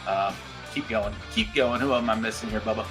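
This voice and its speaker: A man hosting a livestream show, chatting casually and reading out viewer shout-outs. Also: on the low side, over music. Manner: reads out viewer names in quick shout-outs.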